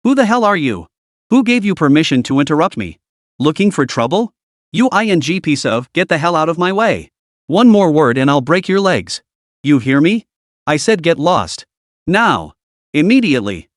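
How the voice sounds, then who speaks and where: Brief: a threatening, brash middle-aged crook, fairly high and lively, as a male narrator plays him, dry sound. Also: moderate pace, no room sound. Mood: hostile. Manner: blustering, threatening.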